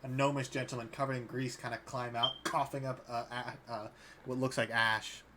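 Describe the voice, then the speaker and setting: A man's voice: mid-range voice, flat delivery, normal speed, background noise. A man narrating as dungeon master in a tabletop game, laid-back and easygoing in tone.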